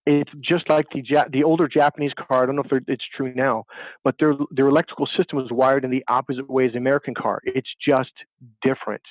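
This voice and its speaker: Telling stories in an animated interview, a dating coach emphatically acts out the voices of the people involved. He speaks fast with a steady tone at medium pitch, on a dry, lo-fi recording.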